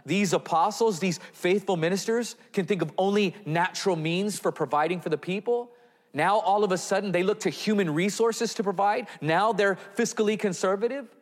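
A man preaching a sermon, reading scripture and acting out the apostles with a raised, exasperated voice. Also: fairly high pitch. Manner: expressive, acts out the apostles in a raised voice. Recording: long hall reverb.

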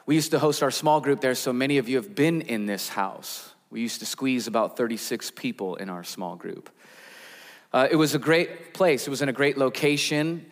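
A man, a pastor, preaching a sermon in a conversational storytelling way with frequent fillers. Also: medium pitch. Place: church sanctuary. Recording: long church hall reverb.

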